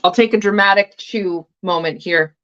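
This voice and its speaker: A woman's voice: medium pitch, moderate pace, fairly bright tone, lo-fi sound. A woman hosting a tarot livestream, chatting casually and swearing freely while she snacks between thoughts.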